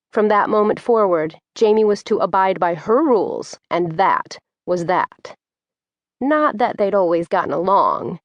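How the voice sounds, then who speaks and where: A woman reading an audiobook in measured, descriptive scripted narration. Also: mid-range voice, dry recording, dull audio.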